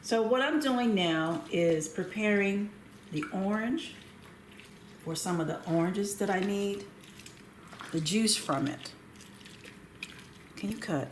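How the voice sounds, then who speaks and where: A woman hosting a cooking show, speaking gently and without hurry while she prepares food in a kitchen. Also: medium pitch, roomy sound, a little hiss or hum. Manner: gentle, unhurried, talks while working. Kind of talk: cooking demonstration with calm chat. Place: home kitchen.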